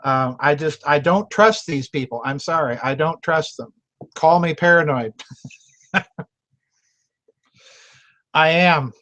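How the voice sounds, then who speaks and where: Chatty self-mocking man, slightly high voice. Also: slow pace, pauses often, fairly bright tone. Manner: chatty and self-mocking, laughs often, repeats words. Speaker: host of a members video chat. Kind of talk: casual livestream chat.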